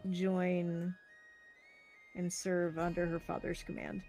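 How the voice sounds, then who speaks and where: A woman's voice: fairly low pitch, little pitch movement, slow pace, dark tone, soft background music. A woman chatting casually about her tabletop character, giggly and rambling with lots of fillers. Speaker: tabletop game player.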